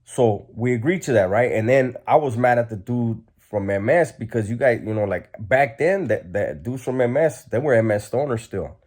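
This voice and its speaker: A man's voice: medium pitch, lively intonation, normal speed, few pauses, a little mellow. A man telling a story in a casual, blunt, streetwise way, with lots of fillers.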